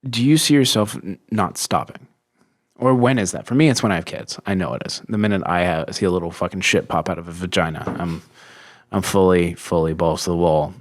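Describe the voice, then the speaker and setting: Deep-voiced, chatty male host. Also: fairly quick. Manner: chatty, laughs often, swears freely. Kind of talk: casual podcast interview.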